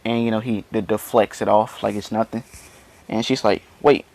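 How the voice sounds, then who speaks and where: A man's voice: fairly low pitch, little pitch movement, normal speed, gravelly, darkish tone. A man casually retelling a fan story, rambling and padding it with constant fillers. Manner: rambling, full of "you know" fillers.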